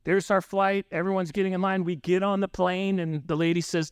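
A pastor with a high voice, recorded close and dry with no room sound. He preaches in an easy, chatty way and drops in "right?" to keep listeners with him. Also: flat delivery, fairly quick, few pauses, clear, resonant tone, no echo. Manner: conversational, frequent "right?" asides, acts out dialogue. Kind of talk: sermon with storytelling.

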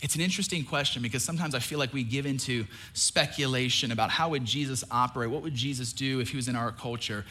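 A young man preaching a sermon, animated and joking, acting out the voices in the story he tells. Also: mid-range voice, fast, few pauses. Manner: animated, acts out quoted voices, jokes with the crowd. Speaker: pastor.

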